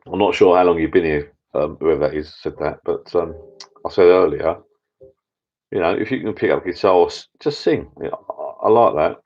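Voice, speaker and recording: Low-voiced man chatting casually. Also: normal speed. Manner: rambling, chatty, many restarts. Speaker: channel host. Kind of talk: casual live chat with viewers. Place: home bar room. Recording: dull lo-fi sound.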